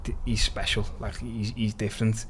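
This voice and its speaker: Blunt, animated Scouse man in his thirties. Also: lowish voice, moderate pace, slight background noise. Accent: Liverpool (Scouse). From Liverpool, England. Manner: blunt and animated, swears freely, tags lines with "lad". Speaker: guest, mixed martial arts fighter. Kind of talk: casual podcast chat.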